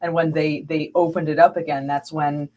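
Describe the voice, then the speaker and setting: Her voice is low and somewhat mellow, with little rise and fall, and she talks at a normal speed. She's an American guest scholar being interviewed conversationally, speaking with animation, laughing a lot, and playing out what others say to her.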